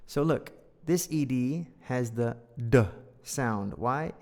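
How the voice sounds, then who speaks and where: A man teaching an English lesson, reading a storybook aloud and joking around between explanations. He speaks slowly in a gravelly voice. A long hall reverb trails after his words. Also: mid-range voice, a little mellow. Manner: playful, jokey asides.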